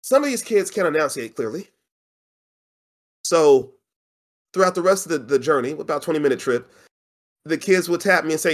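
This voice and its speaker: A man co-hosting a casual podcast, telling a funny story with slangy, animated delivery and frequent laughs. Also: a little high, normal speed, long pauses. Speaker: podcast co-host. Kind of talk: casual chat.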